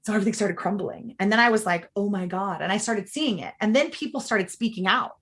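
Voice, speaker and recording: A woman in her thirties, a podcast guest, recounting her experience in an animated, fast-flowing way, often quoting others and saying "like". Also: medium pitch. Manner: animated, fast-flowing, quotes people in lively voices, many "like"s. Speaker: guest, former direct-sales team leader. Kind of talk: conversational podcast storytelling.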